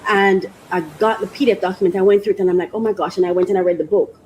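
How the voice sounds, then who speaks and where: A woman hosting a faith podcast, talking casually and emotionally, laughing often and slowing down when she reads aloud. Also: mid-range voice, a little hiss or hum, low-quality recording. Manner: emotional and expressive, laughs often, restarts sentences; slows down when reading aloud. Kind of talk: casual reflective monologue.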